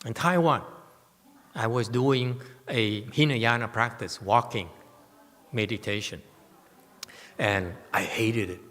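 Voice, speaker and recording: A man's voice: mid-range voice, takes it slowly, pauses often. Guy giving a buddhist dharma talk, lots of "yes?" and "okay?" questions to the room, long echoey hall. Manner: animated storytelling with rhetorical questions. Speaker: Buddhist teacher. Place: temple hall.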